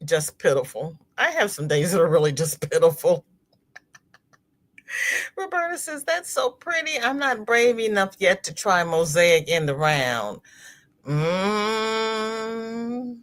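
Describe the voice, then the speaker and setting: A woman hosting a crochet livestream, chatting casually and reading viewers' comments aloud, expressive and often laughing. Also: mid-range voice, takes it slowly, long pauses.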